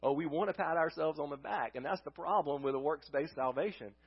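Husky-voiced man preaching a sermon. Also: a little high, brisk, dull audio. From United States. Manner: conversational preaching with rhetorical questions and restarts. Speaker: pastor. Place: church sanctuary.

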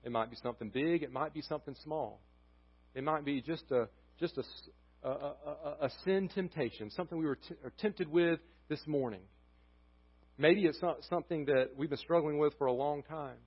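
Male pastor, sermon, swings from loud to hushed, a bit high-pitched, muffled church recording. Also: moderate pace, breathy edge. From United States. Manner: impassioned preaching, rising to near-shouts, dropping to hushed closings. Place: church sanctuary.

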